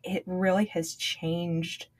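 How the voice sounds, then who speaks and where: A woman's voice: fairly low pitch, flat delivery, slow pace. A woman co-hosting a podcast, talking in an earnest, reflective way and asking questions. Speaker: podcast co-host. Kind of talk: casual chat.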